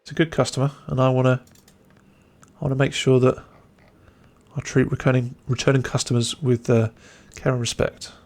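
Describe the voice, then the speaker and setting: A man's voice: medium pitch, flat delivery, normal speed, pauses often, darkish tone. A man streaming a game live, chatting casually and muttering jokes to himself.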